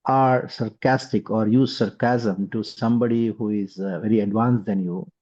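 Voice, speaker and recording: A man, a spiritual teacher explaining scripture in a measured way, with frequent pauses. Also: on the low side, steady tone, darkish tone. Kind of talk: scriptural discourse. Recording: dull lo-fi sound.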